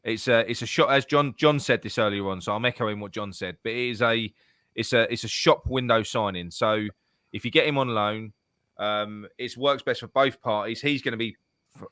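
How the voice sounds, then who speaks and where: A man's voice: mid-range voice, moderate pace, pushed and bright, no echo, clean studio sound. A man as a guest on a live online football chat, blunt and emphatic, swearing casually. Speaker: panel guest.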